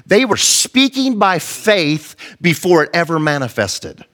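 A man's voice: sits high, sing-song, unhurried, few pauses, a bit bright. A male pastor preaching an impassioned, conversational sermon and acting out the quotes he tells.

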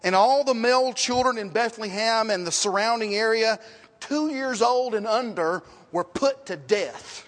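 A male pastor preaching a sermon, dramatic, moving from loud rhetorical questions to hushed lines. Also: high-pitched, a little slow. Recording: long reverb.

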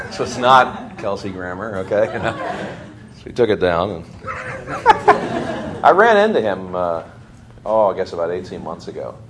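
A man's voice: medium pitch, heavy background noise. A man giving a history lecture to a class, telling stories animatedly and laughing as he talks. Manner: animated storyteller, laughs while talking. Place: lecture room with students.

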